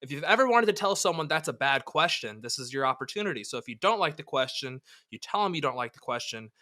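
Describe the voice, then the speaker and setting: A man's voice: medium pitch, sing-song, fast talker, pushed and bright. A man hosting a podcast, joking and swearing casually as he runs the interview. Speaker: podcast host.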